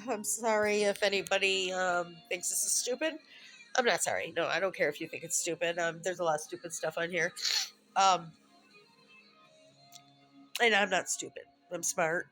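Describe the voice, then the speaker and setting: Candid rambling woman vlogger. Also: medium pitch. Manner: rambling, heartfelt, self-interrupting with soft laughs; frank and confessional, occasionally swearing. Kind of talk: candid personal vlog monologue.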